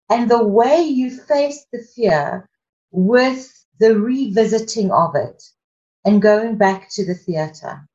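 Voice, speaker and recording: A woman interviewer speaks slowly and leads her guest with measured, prompting questions. Her voice sits fairly high. The room echoes around her, and the recording sounds slightly dull. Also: a little mellow.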